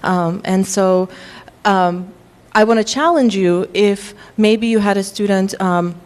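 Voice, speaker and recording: A woman with a faint Russian accent presents a workshop to faculty, explaining at a measured pace with frequent ums. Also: medium pitch, darkish tone, clear, resonant tone. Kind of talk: lecture to faculty.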